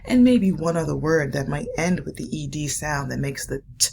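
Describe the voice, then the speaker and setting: Woman, first grade teacher, low gravelly voice, encouraging, phonics lesson. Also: a little mellow, a little hiss or hum. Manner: slow, patient, encouraging teacher talk to young children. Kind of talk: remote phonics lesson and read-aloud.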